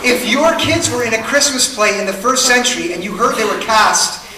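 A man's voice: high-pitched, animated, moderate pace, crowd noise, background noise. A man preaching a sermon to a congregation, earnest and questioning, building his points through repetition. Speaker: pastor. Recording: echoey hall, mic at a distance.

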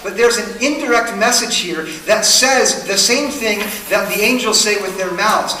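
A pastor with a high, pushed and bright male voice preaches to a congregation, earnest and questioning, building his points through repetition. He's recorded in an echoey hall from a distant mic, with a little hiss or hum.

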